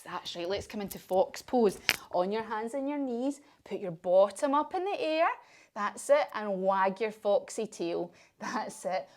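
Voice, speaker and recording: Woman, kids yoga teacher, storytelling class, sing-song, encouraging, mid pitch. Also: expressive, a little slow.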